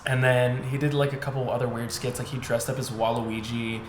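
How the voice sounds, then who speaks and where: A man's voice: mid-range voice, level tone, fairly quick. A young man co-hosting a podcast, chatting casually with lots of filler words and casual swearing. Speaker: podcast co-host. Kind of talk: casual chat. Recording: echoey room with faint noise.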